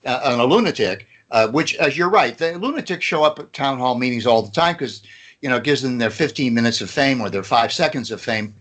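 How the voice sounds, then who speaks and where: A man co-hosting a podcast in casual political chat, emphatic and sardonic, with drawn-out pauses. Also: mid-range voice, animated, a bit bright. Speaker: podcast co-host.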